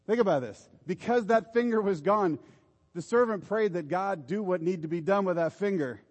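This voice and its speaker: A man's voice: sits high, normal speed, a little mellow, big-room sound. A man preaching a sermon in an informal, exhorting way, urging his listeners on. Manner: informal, exhorting, repeats "come on".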